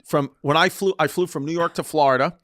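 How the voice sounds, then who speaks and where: A man's voice: on the high side, steady tone, brisk, a bit bright, no echo, clean studio sound. A man co-hosting a podcast, telling a story in a loose, swearing way and laughing between sentences. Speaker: podcast host. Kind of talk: casual chat, storytelling.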